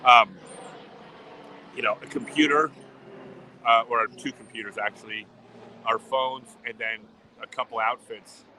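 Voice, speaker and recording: A man's voice: mid-range voice, fairly even intonation, unhurried, pauses often, sharp tone, a little hiss or hum, rough recording. A middle-aged man chatting casually on a livestream, rambling and often restarting his sentences. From United States. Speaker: livestream host.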